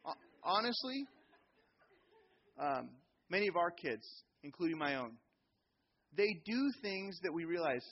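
A middle-aged man preaching a sermon in a church, animated, sometimes acting out children's voices. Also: fairly high pitch, unhurried, long pauses, highs cut off. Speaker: pastor.

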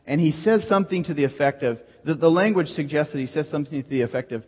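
A male pastor delivers an earnest, teacherly sermon in a husky, mid-pitched voice, returning to his key phrases. His voice carries a long reverb from a large church hall. The recording sounds slightly dull. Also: fast.

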